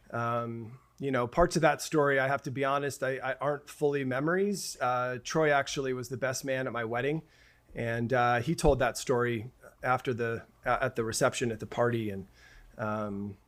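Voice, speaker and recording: Speaking in a mid-range voice, a man in his forties appears as a podcast guest and narrates a long personal tale. He falters and restarts often before reliving the events with growing animation.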